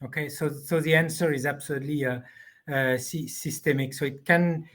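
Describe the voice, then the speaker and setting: A man speaking as a panelist on an online discussion, halting and searching for his words over a video call. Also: a little high, fairly even intonation, fairly bright tone.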